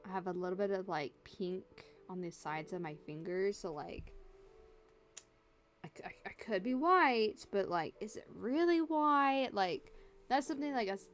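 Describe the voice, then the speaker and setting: Joking woman streamer chatting while drawing. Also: mid-range voice. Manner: rambling, joking, answering chat. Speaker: art streamer. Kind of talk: casual livestream chat while drawing. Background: faint background music.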